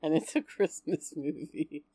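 A woman talking about a film with her son on a podcast, casual and unhurried, mostly short agreeing replies. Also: sits low, dark tone, husky, no room sound. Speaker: podcast guest, host's mother. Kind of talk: casual movie chat.

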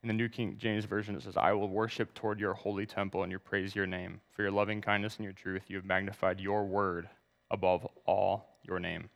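Low-voiced male pastor preaching. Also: level tone, brisk, creaky, long reverb tail. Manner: reads scripture aloud, asks congregation to turn to verses. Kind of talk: sermon.

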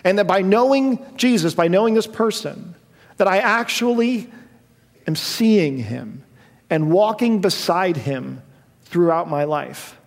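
A pastor with a high, animated voice preaches to his congregation at a measured pace, his impassioned sermon climbing to emphatic peaks. The church sanctuary gives the recording a long hall reverb.

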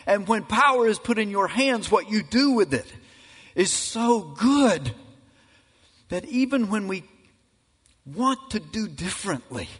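Slow, deliberate preacher in a reverberant hall. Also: male voice, high voice, animated, breathy edge. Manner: emphatic, building to loud climaxes. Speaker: pastor. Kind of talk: sermon.

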